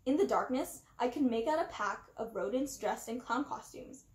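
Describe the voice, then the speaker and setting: A woman gives an animated storybook read-aloud, with a high voice that leaps all over. She acts out the first-person narrator as she goes. The recording has a roomy, echoing sound. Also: moderate pace. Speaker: storybook reader. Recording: roomy echo.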